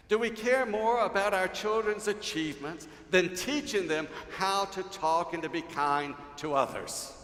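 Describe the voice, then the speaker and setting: Older pastor preaching, echoey hall. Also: male voice, fairly high pitch. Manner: storytelling, swings from loud to hushed. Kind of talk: sermon. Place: large church sanctuary. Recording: echoey hall, faint ambience.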